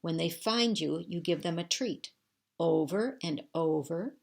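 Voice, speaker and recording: A woman's voice: lowish voice, measured pace, gravelly. A woman reading aloud, voicing an eager young American rescue worker who talks earnestly and coaxes a dog.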